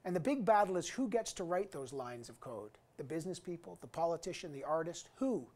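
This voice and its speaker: A man's voice: a little high, lively intonation, a little fast, darkish tone. A man in his fifties giving an earnest, emphatic graduation address as an alumni guest speaker. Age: 50s. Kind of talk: recorded commencement address.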